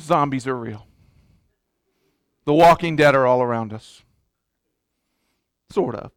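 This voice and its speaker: A man's voice: a little high, measured pace, long pauses, fairly bright tone, dry recording, studio quality. A man preaching a sermon as pastor, emphatic, repeating words and restarting his sentences.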